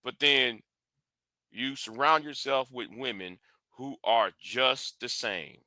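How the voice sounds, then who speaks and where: A man's voice: medium pitch, takes it slowly, pushed and bright, no echo, studio quality. A man hosting a live stream, speaking bluntly and confrontationally, often restarting and repeating words.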